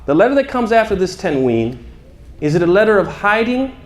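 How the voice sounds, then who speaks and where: Male teacher, energetic call-and-response classroom style, a bit higher than average pitch. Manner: chants short Arabic phrases slowly for students to repeat. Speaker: teacher of Quran recitation. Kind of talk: interactive classroom lesson.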